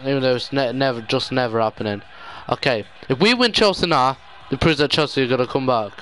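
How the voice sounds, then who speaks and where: A man's voice: medium pitch, a little fast, a bit bright, soft background music. A young man giving live gameplay commentary, despairing and muttering with sudden outbursts. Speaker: gaming YouTuber.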